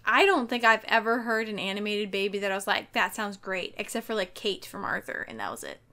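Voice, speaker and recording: A woman hosting a casual podcast, playful and quick to laugh as she leads the discussion. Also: mid-range voice, expressive, pushed and bright. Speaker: podcast host. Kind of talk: casual review chat.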